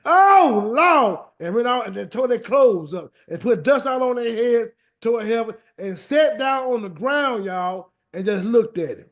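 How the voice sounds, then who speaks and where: A man leading a weekly scripture word study and prayer, animated and colloquial, often repeating words as he searches for them. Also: very high voice, moderate pace, few pauses. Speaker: Bible study teacher. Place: meeting room streamed live.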